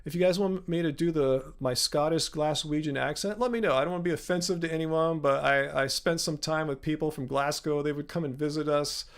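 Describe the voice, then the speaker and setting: American dude on a livestream reading chat, gravelly voice, lots of likes and ums, bit on the higher side. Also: male voice, brisk, few pauses. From United States. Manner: rambling, filler-heavy. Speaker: host. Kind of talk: live-stream Q&A chat.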